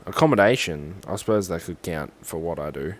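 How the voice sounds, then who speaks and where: A man's voice: low voice, lively intonation, fairly quick. A young Australian man with an Australian accent, rambling sarcastically and swearing as he talks through a form on a casual livestream.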